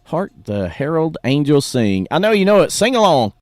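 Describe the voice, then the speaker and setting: A folksy man with a drawl hosts a morning radio show, his pitch swinging up and down with lively energy. He speaks close and dry in a studio, opinionated and chatty. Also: normal speed, no echo. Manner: folksy, animated, opinionated, says "y'all".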